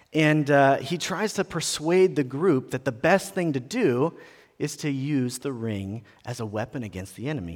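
A man delivers a sermon in a relaxed, conversational style that builds into animated emphasis. His voice sits at a medium pitch, and a long reverb trails each phrase as if he speaks in a large church hall. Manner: conversational, animated preaching with rising emphasis and restarts. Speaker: preacher.

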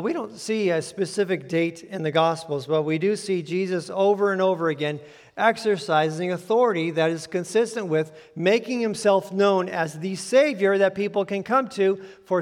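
Man pastor, higher-pitched voice, expository sermon, reverberant church hall. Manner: reads scripture aloud, then explains it conversationally.

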